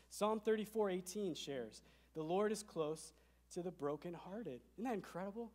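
A man with a slightly high voice preaches to his congregation, pressing each point with emphasis. He drops to a hush, then climbs loud again. His voice rings with long reverb through the church sanctuary. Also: lively intonation, moderate pace. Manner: emphatic, swings between soft and loud. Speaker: pastor. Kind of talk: sermon.

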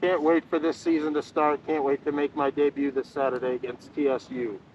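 A man's voice: on the high side, little pitch movement, a little fast, a little mellow, lo-fi sound, a little hiss or hum. A man vlogging in costume, talking with proud, upbeat school spirit. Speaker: vlogger in a Mandalorian-style costume. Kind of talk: casual vlog. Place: outdoors and in an arena on campus.

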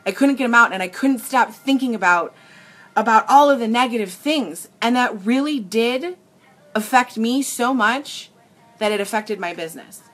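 Speaking at a normal speed, this young adult woman has a fairly high, fairly bright voice. She's a makeup seller chatting earnestly and emotionally to her live stream audience, frequently starting sentences over, recorded on a tablet.

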